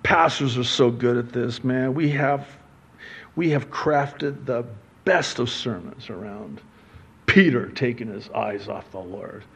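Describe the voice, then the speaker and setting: A male pastor preaching a sermon, telling stories with rhetorical questions and swinging from hushed low asides to loud, high exclamations. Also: slow pace, creaky, slightly rough. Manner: animated storytelling with rhetorical questions.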